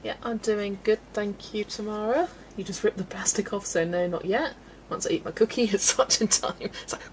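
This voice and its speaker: A woman's voice: mid-range voice, moderate pace, slight background noise, low-quality recording. A woman from England's West Country, chatting casually and laughing often as she reads out viewer comments while colouring on a livestream. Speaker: livestream host.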